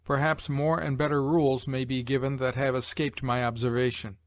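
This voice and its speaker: A man's voice: medium pitch, little pitch movement, dry recording. Man reading out English stress rules. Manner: measured, list-like reading with slow example words. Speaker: English lesson narrator.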